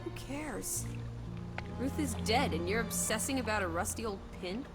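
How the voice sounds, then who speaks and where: An actress playing a spirited, stubborn young woman who talks in a brisk, teasing, insistent way. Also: on the high side, animated, lightly acted. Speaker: game character. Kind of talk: game voice acting. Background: game music.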